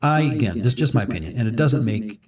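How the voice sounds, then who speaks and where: A man's voice: mid-range voice, animated, fast, a little mellow, recorded from a distance. A man from Minnesota leading a casual Bible discussion, chatty and rambling, often restarting his sentences. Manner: rambling, chatty storyteller with self-corrections. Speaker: Bible study co-host.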